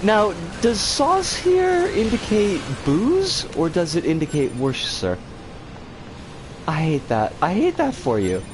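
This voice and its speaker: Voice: mid-range voice, wildly swooping pitch, a little slow, background noise. A streamer giving live gameplay commentary, swearing in exasperated outbursts. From United States. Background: game music.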